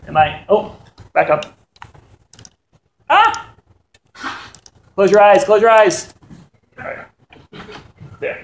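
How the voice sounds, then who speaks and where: High-voiced joking pastor in echoey church. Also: male voice. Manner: playful, joking asides. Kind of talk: sermon. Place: church hall.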